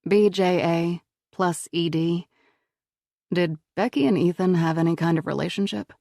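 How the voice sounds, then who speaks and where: A woman reading a calm, firm female agent. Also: lowish voice, vocal fry, no room sound, clean studio sound. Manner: calm, measured, reassuring.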